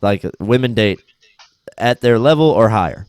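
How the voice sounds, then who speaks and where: A man's voice: lowish voice, moderate pace, clear, resonant tone, no echo. A young man hosting a podcast, chatting casually and acting out quotes from people in different voices, loose and profane. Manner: animated storyteller, acts out quotes in voices. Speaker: podcast host.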